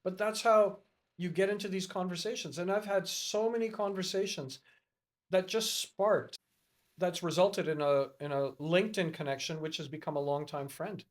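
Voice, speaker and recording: A middle-aged man, a podcast guest, telling anecdotes in a lively way and acting out the lines of the people in them. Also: high voice, normal speed. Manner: lively, acts out dialogue in a raised voice. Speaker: podcast guest, educator and networker. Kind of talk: animated storytelling in a podcast interview.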